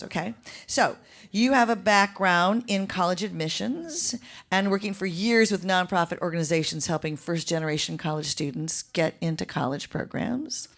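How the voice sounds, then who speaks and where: A woman hosting a live stage interview, chatty and animated with quick asides. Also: on the low side. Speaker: host. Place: live venue with audience. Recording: live show with crowd and noise.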